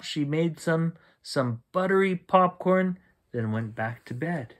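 Guy reading a bedtime story, slow and really expressive, voice all over the place. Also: on the high side. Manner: slow and expressive, with sound effects. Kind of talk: bedtime story read-aloud.

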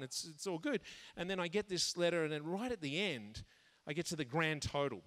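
A man telling a personal story in a sermon to a men's conference, animated, jumping high when he acts out his own thoughts and laughing at himself. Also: fast. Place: large conference hall. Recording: long hall reverb.

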